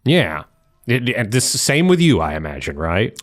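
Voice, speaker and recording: Lively man co-hosting a gaming chat. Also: medium pitch, normal speed. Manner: explains game mechanics step by step. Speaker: podcast co-host.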